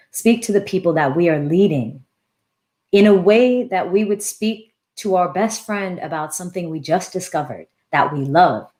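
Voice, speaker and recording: A woman in her thirties hosts a live-stream chat as a dance teacher, answering viewers' questions. Her voice sits a little low. She talks in an animated, warm way, pausing and restarting as she thinks aloud. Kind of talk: casual live-stream Q&A, reading comments aloud.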